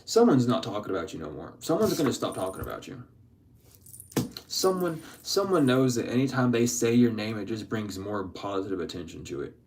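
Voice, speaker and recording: A man giving a casual spiritual tarot reading, slangy and profane, laughing often and swinging between excited bursts and low mutters. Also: a little fast, slight background noise. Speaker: tarot reader.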